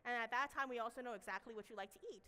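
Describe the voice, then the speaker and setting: Bright, playful woman on a conference stage. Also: on the high side, very fast, big-room sound. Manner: animated, playful, slangy. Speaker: conference speaker. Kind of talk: casual keynote talk. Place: large conference hall.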